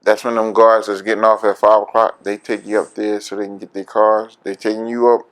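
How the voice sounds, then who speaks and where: A man's voice: fairly low pitch, little pitch movement, a little fast. Man, Philadelphia accent, oral history interview, candid storyteller, laughs a lot. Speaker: veteran interviewee.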